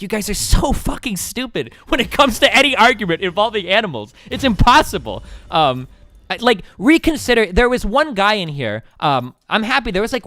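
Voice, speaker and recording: A man's voice: sits high, pushed and bright, no room sound. A man streaming, talking casually and heatedly to his chat, profane and combative.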